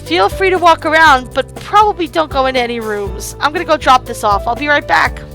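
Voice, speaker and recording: A woman's voice: high voice, a little fast, fairly bright tone, faint music behind. A woman voicing a friendly, polite young male student who shows a newcomer around campus.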